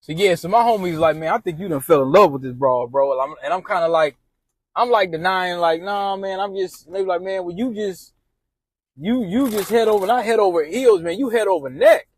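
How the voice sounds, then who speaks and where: A man with a high-pitched voice tells a personal story in loose, slang-filled talk. He rambles and repeats himself, and he acts out his friends' advice in quotes. The sound is close and dry, with no room echo. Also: brisk. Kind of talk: casual storytime monologue.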